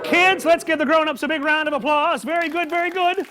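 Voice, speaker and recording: A man hosting a live children's story time, talking with animated energy and calling out questions for the kids to answer. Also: very high-pitched, brisk, hardly any pauses, some chatter behind. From Midwest farm upbringing. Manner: animated, call-and-response with children. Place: public library event with a live audience.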